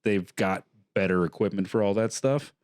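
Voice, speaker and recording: A man's voice: on the low side, normal speed, a little mellow, clean tone, dry recording, clean studio sound. A man hosting a horror film podcast, chatting casually and loosely with lots of fillers and laughs. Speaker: podcast host. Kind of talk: casual chat.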